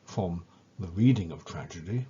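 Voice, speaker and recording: A man giving a measured, scripted lecture and leaning on key words as he explains ideas. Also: deep voice, lively intonation, dark tone, breathy edge, dull audio.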